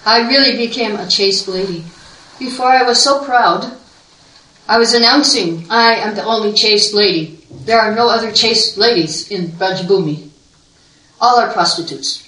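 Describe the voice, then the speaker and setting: A proud, humbled sister-in-law confesses through tears, spoken by a woman telling the tale. Her tone is bright and forceful. The room echoes, and she sits back from the mic. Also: a little high, measured pace, far from the mic, voice pushed up. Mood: tearful confession. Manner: tearful, confessing.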